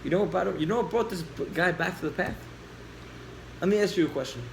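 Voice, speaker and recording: A man teaching a class, telling a story with lively acted-out dialogue and questions to the listeners. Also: sits high, fast talker, vocal fry, background noise.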